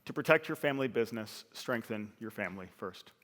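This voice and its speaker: A man's voice: lowish voice, lively intonation, brisk, fairly bright tone. A middle-aged man giving a conversational, earnest personal story as a speaker on stage. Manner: earnest, conversational, with fillers and restarts. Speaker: speaker at a talk. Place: large hall on a stage. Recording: reverberant hall.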